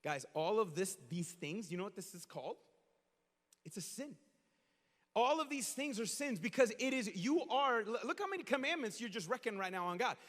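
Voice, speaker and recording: A man preaching a sermon as pastor, talking casually to the congregation and telling stories with lively acted-out moments. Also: sits high, normal speed, big-room sound. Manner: animated storytelling, acts out shouts and quotes.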